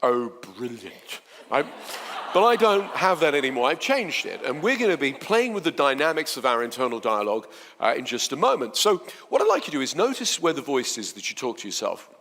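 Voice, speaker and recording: Man speaking lively in a big hall. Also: a little high, fast talker. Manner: chatty, animated, playful, swings between soft and loud. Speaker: motivational speaker. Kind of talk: live seminar talk to an audience.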